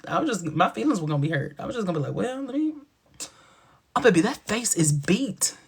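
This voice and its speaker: A man's voice: sits high, fast, breathy edge. A man hosting a casual live stream, chatting to viewers in a playful, sassy way with lots of laughter and dramatic asides. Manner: animated and playful, with frequent laughter.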